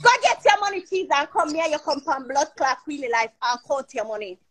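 High-voiced swearing woman. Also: lively intonation, brisk, a bit bright. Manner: cursing, confrontational, boastful. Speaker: live-stream host. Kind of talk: heated live-stream argument. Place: at home in the UK.

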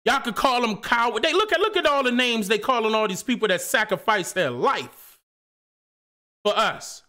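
A man's voice: very high voice, expressive, moderate pace, sharp tone. Fired-up man ranting on a live stream. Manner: passionate, fired up, preachy, rhetorical questions; casual slangy speech. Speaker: channel host. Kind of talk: impassioned live-stream rant.

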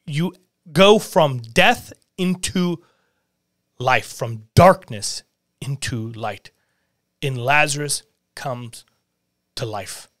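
A man hosting a podcast, preaching earnestly on scripture, reading verses aloud and retelling them in everyday words, at times dropping to a hush. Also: fairly high pitch, dry recording, clean studio sound. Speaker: podcast host.

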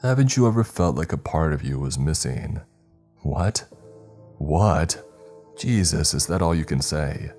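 A man's voice: a bass voice, animated, moderate pace, hardly any pauses, a little mellow, soft background music. A man putting on a sneering, taunting unseen spirit. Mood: mocking. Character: mocking unseen male spirit brother, cruel and condescending.

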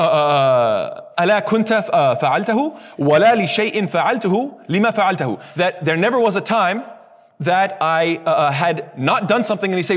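A man delivering an Islamic lesson at a brisk clip, animated and given to acting out quick exasperated voices. His voice sits slightly high for a man and rings with a long hall reverb. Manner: animated, acts out scoffing voices. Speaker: Islamic teacher. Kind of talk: recorded lesson on hadith.

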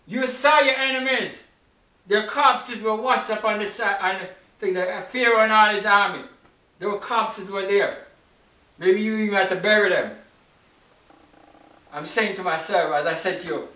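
A male preacher delivering an emphatic sermon full of rhetorical questions and sudden leaps in pitch. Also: pushed and bright. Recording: echoey room, mic at a distance.

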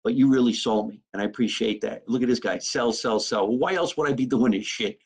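A man's voice: medium pitch, fast talker, gravelly, a little mellow, slightly rough, low-quality recording. A man from New Jersey, a comedian hosting a live stream from his kitchen, joking brashly and swearing freely in casual chat. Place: home kitchen.

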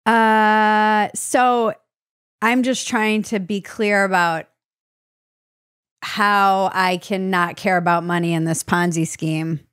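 A woman's voice: medium pitch, fairly even intonation, slow pace, fairly bright tone, clean tone, no room sound, studio quality. A woman hosting a podcast, asking curious, wry questions in casual interview chat. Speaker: podcast host.

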